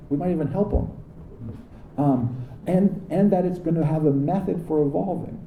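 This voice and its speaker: A man's voice: on the high side, warm tone, roomy sound, poor audio. A man giving a casual philosophy lecture at a cidery, wry and sarcastic, with many restarts, heavily compressed recording with rain noise. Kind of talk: conversational public lecture. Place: cidery during heavy rain.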